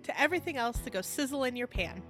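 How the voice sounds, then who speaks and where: A woman's voice: fairly high pitch, animated, fast talker, fairly bright tone, faint music behind. A woman co-hosting a casual podcast chat, laughing often as she talks. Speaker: podcast co-host.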